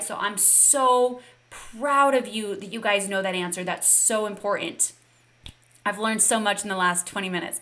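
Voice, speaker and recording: Bright, upbeat woman fitness coach. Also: fairly high pitch. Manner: upbeat, encouraging, talks straight to the viewers. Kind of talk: live online coaching session.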